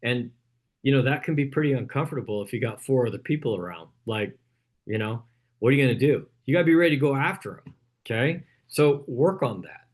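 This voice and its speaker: A man's voice: mid-range voice, animated, brisk. A man leading a real estate team training, coaching in a punchy way and often checking in with "okay?". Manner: coaching, punchy, repeats "okay?" after points.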